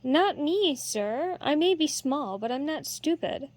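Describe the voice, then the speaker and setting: A woman reading a storybook voices a quick-witted, cheeky boy apprentice who answers back with pert indignation. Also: high voice, animated. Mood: indignant.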